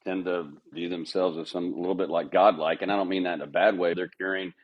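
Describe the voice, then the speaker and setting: A middle-aged man with a fairly low voice, chatting candidly on a podcast. He tells workplace stories and slips into quick impressions of people he quotes. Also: steady tone, highs cut off. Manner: candid, storytelling, mimics others' voices. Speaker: golf club manager, podcast guest. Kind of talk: casual interview chat.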